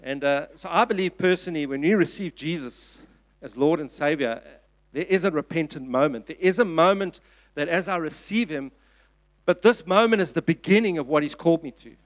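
Earnest South African male pastor, repeats himself for emphasis, slightly high voice. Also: fairly quick. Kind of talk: sermon. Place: church.

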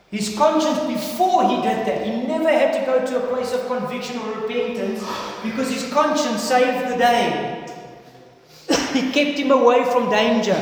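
A South African man preaching a sermon to a congregation, earnest and emphatic, with loud stresses and quiet asides. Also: extremely high pitch. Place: church hall. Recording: echoey hall with long reverb.

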